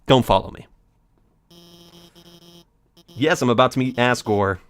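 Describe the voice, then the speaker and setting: A man's voice: medium pitch, big pitch swings, moderate pace, long pauses, dry recording, clean studio sound. A man doing let's play commentary, rambling in a theatrical, mock-dramatic way.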